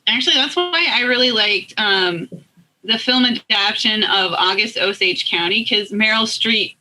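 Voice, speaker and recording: Bright-voiced woman with an Oklahoma twang. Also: medium pitch, moderate pace, rough recording. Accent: Oklahoma and Ozark mix. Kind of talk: casual chat.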